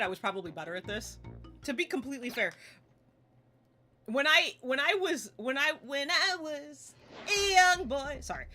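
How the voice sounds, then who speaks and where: Excitable, laughing woman streamer in her forties. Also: on the high side. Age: about 40. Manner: excitable, swears, laughs often, yelps at the game. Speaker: game streamer. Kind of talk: live gameplay stream chat. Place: home streaming setup in front of a green screen.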